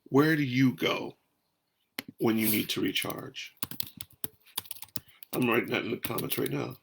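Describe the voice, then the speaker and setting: Man, calm guided breathing talk, soft-spoken, gravelly tone, outdoors. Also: mid-range voice, unhurried, background noise. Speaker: host.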